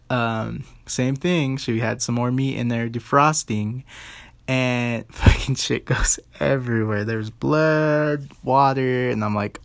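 Profane, rambling male podcast host with a gravelly voice, recorded dry and close. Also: medium pitch, no room sound. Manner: rambling, profane, animated retelling. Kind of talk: casual storytelling podcast.

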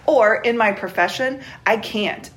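A woman's voice: on the high side, measured pace, slight background noise. A woman interviewed as a voter, speaking in a reflective, chatty way.

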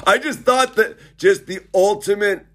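A middle-aged man with a slightly raised pitch rants casually and sarcastically. He rambles, trips over his words and restarts sentences. He keeps calling the listener "dude". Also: measured pace, a bit bright. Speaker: commentator. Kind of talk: casual ranting monologue.

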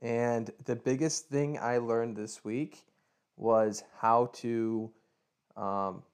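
Jokey, mid-pitched podcast man. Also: fairly even intonation, very slow, clear, resonant tone. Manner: jokey, laughs easily, explains his project step by step. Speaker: podcast co-host. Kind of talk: casual podcast chat.

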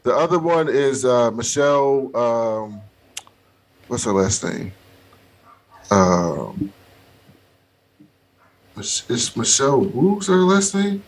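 Male podcast co-host, husky mid-range voice, loose laughing banter. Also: mid-range voice, sing-song, slow pace, long pauses. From Baltimore. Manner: laughs often, swears freely. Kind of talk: casual chat.

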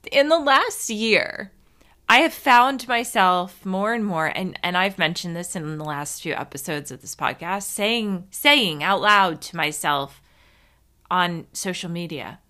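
A woman hosts a solo podcast, chatting casually in a rambling, self-mocking way with some swearing. Her fairly low voice sounds pushed and bright, and she takes her time.

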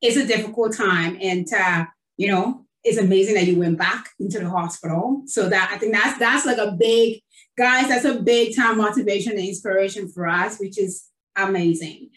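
Speaking at a moderate pace, a woman with a medium-pitched, somewhat bright voice hosts an online interview show as a nurse. Her manner is casual and gushing, full of fillers, captured in a roomy recording far from the microphone.

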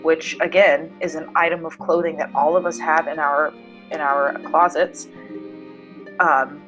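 A woman in her thirties, a doctoral student, telling a personal story in an interview in an earnest, measured way, pausing to choose her words. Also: deep voice, fairly bright tone, rough recording.

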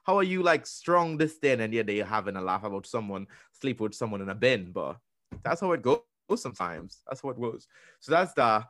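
A young man co-hosting a podcast, chatting in a lively way, acting out what people said and restarting his sentences. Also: on the low side, a little fast, slight background noise. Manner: animated storytelling, acting out quotes with restarts. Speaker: podcast co-host. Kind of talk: casual interview chat.

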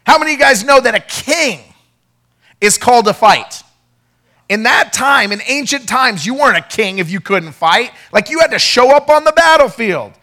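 A man preaching a sermon as pastor, animated and acting out the people in his story. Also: normal speed. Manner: animated, acts out quoted voices; drops to a quiet, low storytelling tone.

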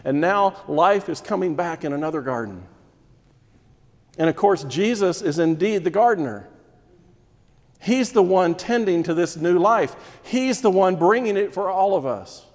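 A man delivers a sermon, explaining a scripture passage and acting out a grieving woman's distress before easing into quiet, emphatic questions. His voice sits slightly high for a man. It rings with the long reverb of a big hall. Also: lively intonation, measured pace. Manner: expository preaching, voices Mary's distress, drops to hushed emphasis. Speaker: preacher.

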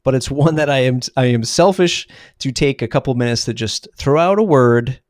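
A man's voice: mid-range voice, moderate pace, a little mellow, no room sound, clean studio sound. A young man from the Boston area hosting a podcast, asking easygoing, friendly questions. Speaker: podcast host. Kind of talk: conversational interview.

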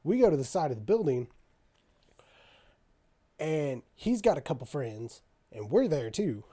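A man's voice: a little high, a little slow. A young man telling a rambling, profane story in casual chat, acting out the other people's lines. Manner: profane, animated storytelling with quoted dialogue.

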